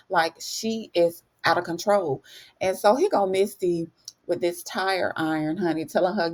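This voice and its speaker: A chatty woman with a lowish voice recaps a TV episode in a casual, slangy way. She keeps calling the listener honey and acts out each character's lines with lively, animated swings in tone. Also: normal speed. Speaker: TV recap host.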